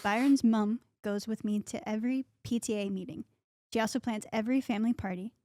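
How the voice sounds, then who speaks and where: A woman's voice: fairly high pitch, fairly even intonation, fairly quick, mellow, no room sound, clean studio sound. A woman reading listener questions aloud on a comedy podcast, earnest, plain and a little self-conscious.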